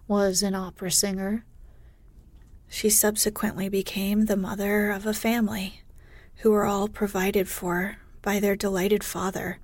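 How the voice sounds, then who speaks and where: A woman reading a storybook aloud and voicing a pompous, self-important young dandy who rattles on quickly and breaks into whispers. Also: mid-range voice, no room sound. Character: pompous young dandy man, touchy and indignant.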